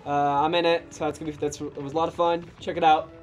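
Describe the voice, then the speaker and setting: A young man chatting calmly while he plays a game on a livestream and fields teasing from his friends. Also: fairly high pitch, quick pace, soft background music. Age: young adult. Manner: calm, keeps cool under teasing. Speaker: streamer. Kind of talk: casual livestream gaming chat.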